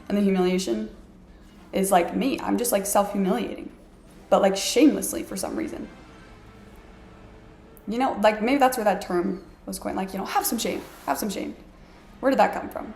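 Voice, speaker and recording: Gravelly-voiced woman vlogging in an echoey room. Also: medium pitch, slight background noise. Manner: chatty, self-mocking, heavy use of "like". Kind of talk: casual storytelling to camera. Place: her apartment.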